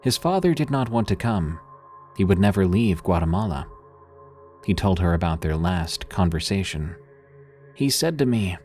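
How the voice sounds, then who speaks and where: Male horror-story narrator, very low voice, scripted and steady. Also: moderate pace, soft background music.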